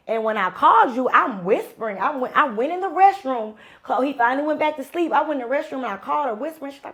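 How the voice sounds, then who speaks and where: A woman's voice: high-pitched, expressive, fast talker, few pauses, a bit bright. Chatty Houston woman guest. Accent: Houston Southern US. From Houston, Texas. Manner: chatty, slangy, dramatic retelling. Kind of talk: casual storytelling chat.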